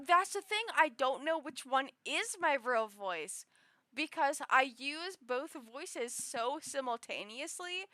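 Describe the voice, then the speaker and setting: Young woman, high girlish voice, sharp and bright, giggly, rambling casual chat. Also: animated, takes it slowly, no room sound. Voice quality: high, girlish voice others have called annoying. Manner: rambling and giggly, with frequent restarts and fillers. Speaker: streamer.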